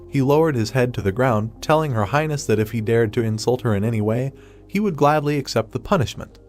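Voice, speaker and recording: Male narrator for a comic recap: mid-pitched, steady and even delivery, faint music underneath. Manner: steady even third-person retelling. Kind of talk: scripted narration.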